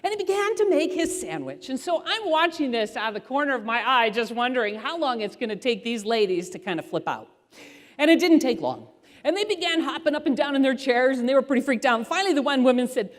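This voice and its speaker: A middle-aged woman tells parenting stories to an audience with an animated, voice-acting delivery. Her fairly high voice swoops widely in pitch. The sound carries a long hall reverb. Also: brisk. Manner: animated storyteller who acts out voices. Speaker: parenting author and speaker. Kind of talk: storytelling talk to an audience.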